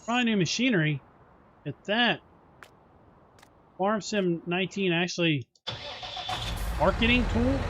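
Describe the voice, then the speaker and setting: A man with a fairly high voice chats loosely through a farming game stream, cracking jokes and greeting viewers by name. Clear game noise runs under his talk. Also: unhurried, long pauses, a bit bright. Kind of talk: casual live-stream gameplay chat.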